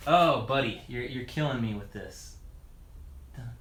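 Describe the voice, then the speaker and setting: A man's voice: mid-range voice, moderate pace, fairly bright tone. A man chatting casually on a live stream while working on his bike, rambling with lots of fillers and restarts and chuckling often. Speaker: mountain bike video creator answering live chat. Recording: echoey room sound.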